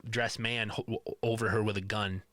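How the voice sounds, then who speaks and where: A man co-hosting a podcast in casual chat, laid-back and quick to laugh and swear. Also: on the low side, little pitch movement, fairly bright tone, a little hiss or hum. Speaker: podcast co-host. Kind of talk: casual film recap chat.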